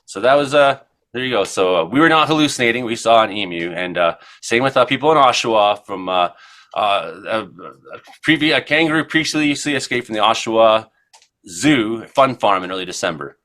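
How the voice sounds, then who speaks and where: A man's voice: on the low side, lively intonation, brisk, a bit bright. A man in his forties from Ontario, co-hosting a casual radio chat show and rambling through news items and stories with many fillers. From Ontario, Canada. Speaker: co-host. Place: radio studio.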